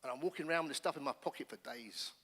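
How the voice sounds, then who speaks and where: A middle-aged English pastor gives a personal testimony sermon from the pulpit in a bright, forceful, medium-pitched voice at a racing speed. He tells his story animatedly, restarting phrases as he goes, while the long reverb of a church hall makes the sound ring out.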